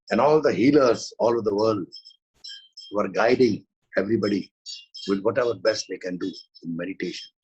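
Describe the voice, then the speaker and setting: A man's voice: fairly low pitch, husky, low-quality recording. A man with an Indian English accent, a spiritual teacher giving an earnest, devotional webinar talk in short repeated phrases over a video call. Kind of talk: live webinar talk with guided meditation.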